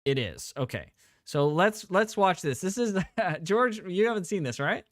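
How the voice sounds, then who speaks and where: Lively young man hosting a stream. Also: sits high, a little slow, soft background music. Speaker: co-host. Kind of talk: casual live-stream chat.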